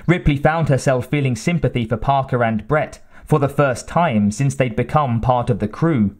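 Reading from a script, a medium-pitched male narrator delivers an audiobook at an even, measured pace.

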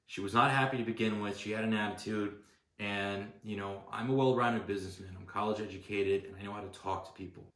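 Man, low voice, exasperated complaint, roomy echo. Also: steady tone, fairly quick, fairly bright tone. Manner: aggrieved, exasperated storytelling. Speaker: customer posting a complaint video. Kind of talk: casual spoken complaint.

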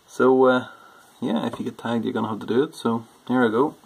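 A man with a Northern Irish accent chatting casually through an accent challenge on his vlog, self-deprecating and loud on stressed words. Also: mid-range voice, brisk, gravelly, slightly rough, rough recording. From Northern Ireland. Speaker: homebrewing YouTuber.

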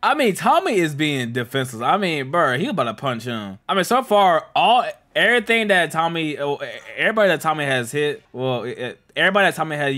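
A young man hosting a casual movie reaction, excitable and slangy, laughing and swearing as he talks to viewers. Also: medium pitch. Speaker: reaction host.

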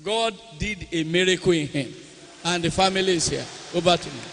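A man's voice: sits high, fairly quick, gravelly, a bit bright, slight background noise. A man with a Nigerian accent, preaching with commanding calls to the congregation in a large convention hall. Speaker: pastor. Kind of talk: church service exhortation. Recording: echoey hall with long reverb.

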